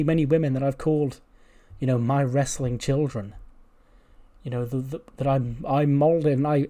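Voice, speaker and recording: A man's voice: medium pitch, mellow, natural voice. A man voicing a veteran female wrestler lecturing a younger champion, rambling and hesitant, full of "you know".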